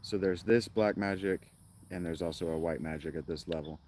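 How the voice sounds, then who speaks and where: A man's voice: low-pitched, a little fast, a little mellow, slight background noise. A man streaming a game, rambling casually with jokes and sarcastic asides. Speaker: gaming streamer. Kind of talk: casual gameplay commentary.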